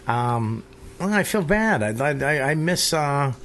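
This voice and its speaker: A man's voice: a little high, animated, measured pace, fairly bright tone, slight background noise. A man hosting a podcast, rambling and swearing freely as he chats with friends, laughing often. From Boston area. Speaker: podcast host. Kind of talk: casual podcast banter.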